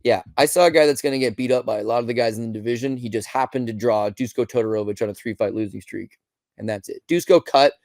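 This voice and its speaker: Medium-pitched and a little mellow, this man talks quickly with no echo. He hosts a podcast recapping fights by himself, launching into a blunt, exasperated rant with curses, rhetorical questions, and impressions of people.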